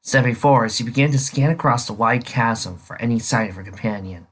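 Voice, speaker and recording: A man reading his own fan fiction story aloud as narrator, in an expressive, animated way. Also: mid-range voice, brisk. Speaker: fan fiction author and reader.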